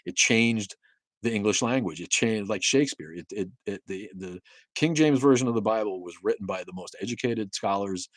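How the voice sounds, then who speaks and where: Deep-voiced, profane, rambling man in his fifties. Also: normal speed, no room sound, clean studio sound. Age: 50s. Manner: profane, rambling, with many restarts. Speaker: livestream host. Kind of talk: casual livestream rant. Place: home in Maine.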